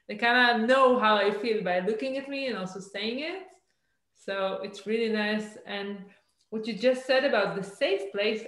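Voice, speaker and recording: A woman hosting an interview, agreeing and reflecting on what the guest said. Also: mid-range voice. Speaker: interview host. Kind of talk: casual interview chat. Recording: echoey room.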